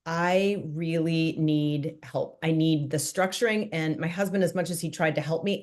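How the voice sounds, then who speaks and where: A woman guest on a podcast, an interior designer, recounting her experience in a reflective, heartfelt way. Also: sits low. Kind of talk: casual interview chat.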